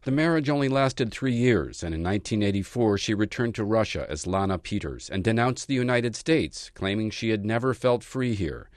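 A man delivering a scripted radio news report in a measured, even manner. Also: on the low side, no echo, clean studio sound.

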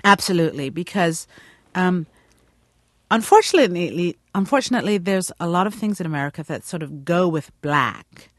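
A middle-aged actress from Guyana with a British accent, speaking thoughtfully in a radio interview. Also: female voice, on the low side, animated, moderate pace, dry recording, studio quality. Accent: British English.

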